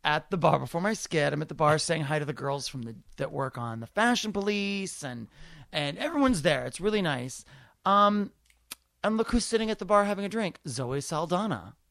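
A man who is a comedian hosting a podcast, telling stories in a campy, profane, animated way. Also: a little high, normal speed, gravelly, dry recording. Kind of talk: casual storytelling chat.

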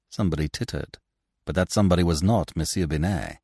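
Guy reading a classic story aloud, low voice, expressive, no room sound. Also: fast, gravelly, breathy edge, no echo, clean studio sound. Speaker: narrator. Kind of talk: scripted audiobook narration.

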